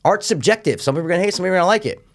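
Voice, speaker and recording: A man's voice: high voice, expressive, racing. A man co-hosting a casual film review podcast. He rambles and circles back to his points, stressing them hard and swearing freely. His talk is loose and chatty. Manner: profane, emphatic, rambling. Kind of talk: casual chat, movie review.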